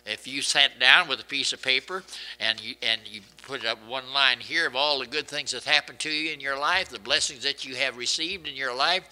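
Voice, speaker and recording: A man's voice: medium pitch, moderate pace, bright, forceful tone, low-quality recording. A man preaching a sermon in an earnest, conversational way, often repeating and restarting his words.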